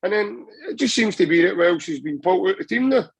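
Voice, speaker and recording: A man's voice: high voice, expressive, fast talker, gravelly, breathy edge, no echo, rough recording. A Scottish man chatting passionately about football on a podcast, rambling with many restarts. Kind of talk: casual football chat.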